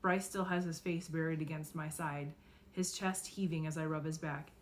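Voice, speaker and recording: A woman narrating a novel in the first person, expressive and acting out the dialogue. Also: low voice, normal speed, slight background noise. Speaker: audiobook reader.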